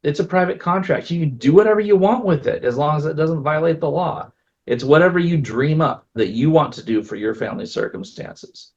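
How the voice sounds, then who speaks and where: A man's voice: fairly high pitch, animated, a little fast, darkish tone. A man who is an attorney giving a casual seminar talk, telling stories with many fillers. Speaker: estate planning attorney. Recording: dull lo-fi recording.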